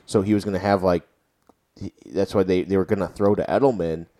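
A young man co-hosting a casual sports chat, with a fairly low voice. He gets fired up and swears loudly as he replays big moments, then settles back into easy banter. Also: brisk. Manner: excitable, swears and yells when reliving plays. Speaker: podcast co-host.

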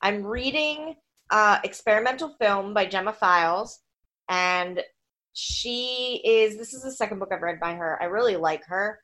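A woman's voice: mid-range voice, unhurried, bright, forceful tone. Chatty American woman, casual podcast. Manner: chatty, laughs easily, many restarts. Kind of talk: casual chat.

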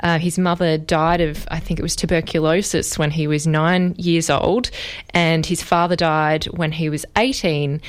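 Woman interviewer, lowish smooth voice, asks long rambly questions. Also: steady tone, moderate pace. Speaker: interview host. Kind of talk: conversational history interview.

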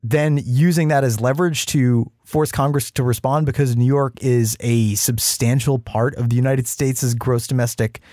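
A man's voice: mid-range voice, steady tone, moderate pace, few pauses, mellow, no room sound, studio quality. A man co-hosting a political podcast, sarcastic and wordy. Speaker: podcast co-host. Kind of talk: casual political chat.

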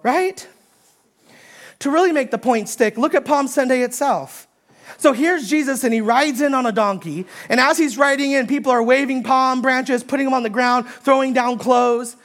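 A woman's voice: high voice, normal speed. A woman preaching a sermon, emphatic, repeating key phrases and rising in force when she quotes. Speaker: pastor.

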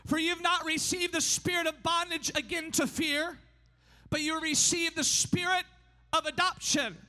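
A man preaching a sermon in a church, emphatic and often shouting, his delivery swinging between fast bursts and slow drawn-out lines. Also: very high voice, fairly even intonation. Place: church sanctuary. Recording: long hall reverb.

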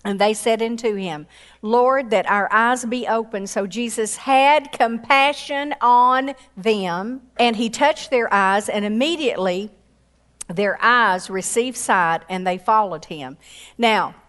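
A woman preaching a sermon with passion, acting out quoted voices and rising to high exclamations. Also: takes it slowly, a bit bright. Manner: acts out quoted voices in her storytelling.

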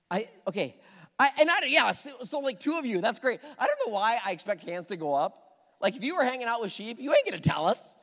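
A man's voice: high voice, a bit bright, big-room sound. A middle-aged male pastor preaching a sermon to his congregation, telling stories with self-deprecating humor. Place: church sanctuary with a congregation.

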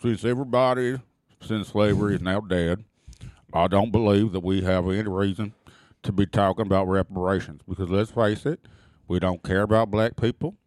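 A man putting on the voice of a pompous old male senator, low and drawling. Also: steady tone, normal speed, a little mellow, no echo, studio quality, close to an everyday voice. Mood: smug.

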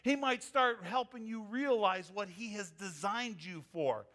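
A man preaching a sermon as a pastor, animated and emphatic, rising and falling as he drives his points home. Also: high voice, unhurried.

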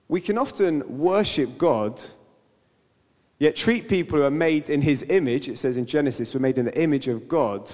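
An earnest man delivers a sermon, his voice sitting a little high. He acts out everyday scenes to make his point, and long reverb from a hall trails after each line. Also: a little mellow. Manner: earnest, with acted-out quotes and examples. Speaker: preacher.

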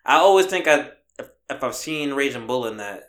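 A man's voice: mid-range voice, expressive, a bit bright, roomy sound. A man co-hosting a podcast, joking around in casual chat and often restarting his sentences. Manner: joking, halting, many restarts. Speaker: podcast co-host.

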